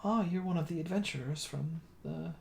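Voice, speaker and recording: A game master voicing a quaint, courteous female elf villager, speaking gently. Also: medium pitch, brisk, creaky, close to an everyday voice. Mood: polite.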